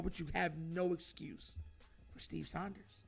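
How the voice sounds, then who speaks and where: A man hosting his own show, giving an emphatic, animated sports opinion monologue and calling his viewers y'all. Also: high voice, normal speed, gravelly, faint music behind. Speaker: host.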